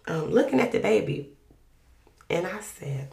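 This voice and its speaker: A woman telling a personal faith testimony in a conversational, animated, colloquial way. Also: lowish voice, a little slow, gravelly, echoey room. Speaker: podcast guest sharing a testimony.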